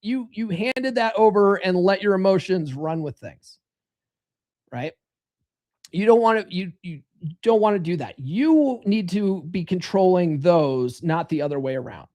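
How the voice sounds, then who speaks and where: A man's voice: high-pitched, a little mellow. Blunt, profane man lecturing. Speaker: podcast host. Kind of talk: live-stream self-help monologue.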